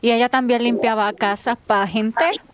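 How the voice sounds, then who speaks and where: A woman from Puerto Rico with a Puerto Rican accent, guest in a casual chat, an animated storyteller who mixes Spanish and English. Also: on the high side, fairly quick, a little hiss or hum.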